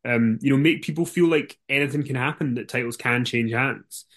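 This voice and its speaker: A man's voice: medium pitch, normal speed, fairly bright tone. Chatty, teasing male podcast co-host. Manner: chatty, agreeable, lightly teasing. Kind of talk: casual wrestling chat.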